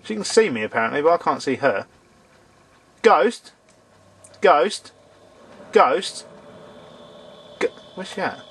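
A man's voice: medium pitch, very animated, quick pace, creaky, few pauses, fairly bright tone, breathy edge. A man commentating a horror game, sarcastic and shrieking when startled. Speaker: let's play gamer.

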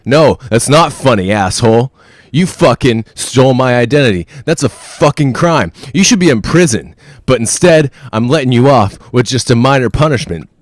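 A man's voice: medium pitch, lively intonation, normal speed, no room sound, natural voice. A man voicing an angry, self-important caller who rants and threatens in a voicemail, with a dry close sound. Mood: furious. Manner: furious, foul-mouthed, threatening. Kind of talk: comedy podcast voicemail bit.

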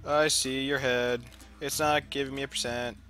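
A young man giving goofy, excitable commentary while playing a video game and talking to himself. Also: medium pitch, moderate pace, faint music behind. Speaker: let's play gamer. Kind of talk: casual gameplay commentary.

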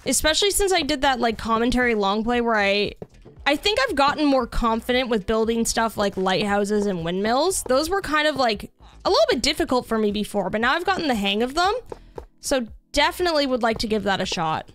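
Chatty high-voiced woman streamer. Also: lively intonation, a little fast, fairly bright tone. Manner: chatty and upbeat, many fillers, reads chat aloud. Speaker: streamer playing a building game. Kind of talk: casual live-stream chat.

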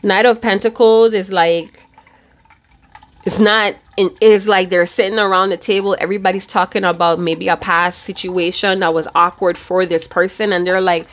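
A woman's voice: medium pitch, fairly even intonation, normal speed. A woman giving a casual tarot reading, chatty and loose, with casual swearing. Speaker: tarot reader.

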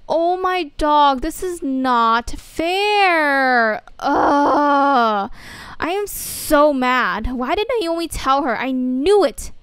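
A woman's voice: high voice, expressive, normal speed, few pauses, dry recording. A woman voicing a whiny, exasperated teenage schoolgirl. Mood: angry. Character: upset teenage schoolgirl, story's main girl.

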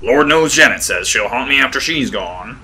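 A man voicing a blunt, rough-spoken heavyset publisher in his sixties who talks loudly and folksy. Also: medium pitch, lively intonation, normal speed, a little hiss or hum. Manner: loud, folksy, ungrammatical.

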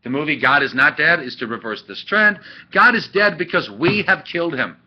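A man teaching an ethics class in a chatty, animated way, with asides and laughs, recorded on a webcam. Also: fairly high pitch, brisk. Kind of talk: classroom lecture. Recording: dull lo-fi webcam audio.

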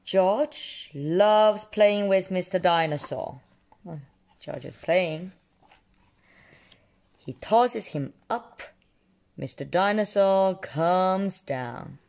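Slow, sing-song woman reading a storybook. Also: on the low side. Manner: slow, expressive, pauses to explain to a child. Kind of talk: reading a picture book aloud to a child.

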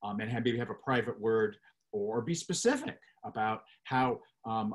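A man speaking as a panelist in a webinar discussion, explaining in an animated way and often checking in with "right?". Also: on the low side, moderate pace. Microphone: video call.

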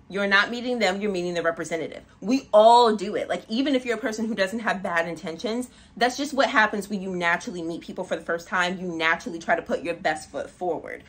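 A woman with a husky, slightly breathy voice talks through a song she is reacting to. Her delivery is casual, chatty and animated, leaning on "like" between her thoughts and breaking into quick laughs. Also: mid-range voice. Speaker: music reaction channel host.

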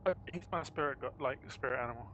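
A man's voice: mid-range voice, fast. Rambling man on game chat, crowd noise. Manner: rambling, loose with fillers and restarts. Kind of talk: casual gaming voice chat. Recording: loud crowd noise behind.

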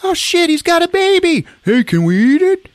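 A man voicing a crowd of crude, excited male villagers in a loud, high, jokey voice. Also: unhurried, no room sound, clean studio sound.

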